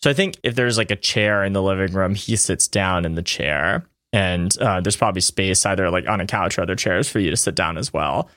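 A man narrating as game master of a tabletop game, calm and measured. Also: low-pitched, no room sound, clean studio sound.

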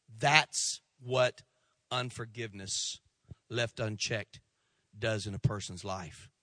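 Male pastor, bright tense preaching voice, dry close sound, dramatic swings from loud to hushed. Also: mid-range voice, no room sound. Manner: tells jokes and acts out quoted voices. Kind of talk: sermon.

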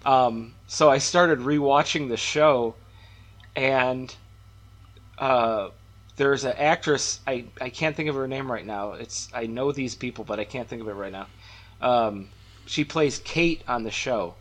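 A man hosting a casual podcast conversation at a middle pitch. He rambles through his stories in a loose, chatty way, often backing up to restart a thought. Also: measured pace, a bit bright. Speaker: podcast host.

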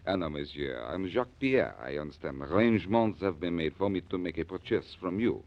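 This is a suave, overly courteous fake Frenchman, put on by a man in a 1940s radio drama. He speaks with a thick French accent and drops French words into his talk. The deep voice rolls up and down in pitch, and the old broadcast sounds muffled. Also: lively intonation, moderate pace. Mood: oily polite. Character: detective posing as a polite French buyer.

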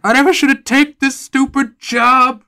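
A man voicing a wounded male theme park docent, whining in a high voice. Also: steady tone, normal speed, creaky, bright, forceful tone, exaggerated voice. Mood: whiny. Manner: high whiny complaining.

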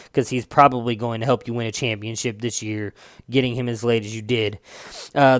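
A man's voice: mid-range voice, dry recording, clean studio sound. A young man hosting a casual fantasy football show, loose and chatty, swearing now and then and correcting himself as he reads stats. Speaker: fantasy football podcast host. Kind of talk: casual sports chat.

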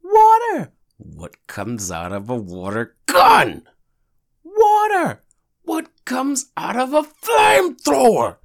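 A man doing a shrill indignant preschool boy. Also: wildly swooping pitch, slow pace, heavily acted. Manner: high shrill shouting, indignant questions.

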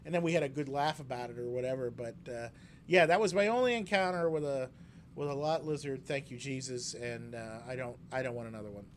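A man's voice: medium pitch, fairly quick, slight background noise. A man co-hosting a casual chat, telling stories and acting out quotes in a raised voice. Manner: animated storyteller, acts out quotes in a raised voice. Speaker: podcast co-host.

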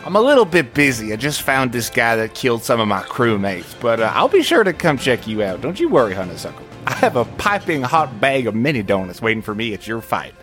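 Hyped-up guy playing dnd, jumps all over in pitch, laughs a lot, faint music. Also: brisk, hardly any pauses. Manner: excitable, goofy, laughing. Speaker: player. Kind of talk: playing a tabletop game in character.

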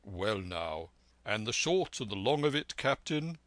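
Man voicing a shrewd urbane doctor, low voice, dry close recording. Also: sing-song, a little slow, fairly bright tone, dry recording. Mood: composed.

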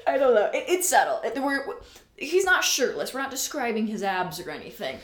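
Animated laughing woman in an echoey room. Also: fairly high pitch, a little fast. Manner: animated, laughs a lot, jokey asides. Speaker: podcast guest. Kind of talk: casual book recap chat. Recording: roomy echo.

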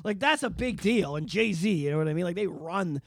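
Young male co-host, quick high-pitched chatter, profane and rambling, dry close mic. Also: gravelly, no echo. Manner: profane, rambling, animated, bursts into shouted impressions. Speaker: podcast co-host. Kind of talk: casual podcast chat.

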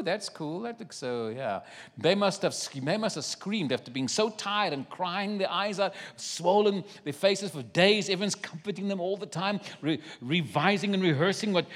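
A man preaching a sermon, retelling a scripture story with animated, acted-out voices and asides. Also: sits high, big-room sound.

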